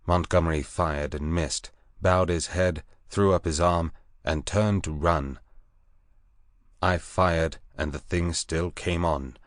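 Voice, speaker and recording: Deep, slow male audiobook narrator. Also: steady tone, dry recording, clean studio sound. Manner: measured, deliberate reading. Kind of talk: scripted narration.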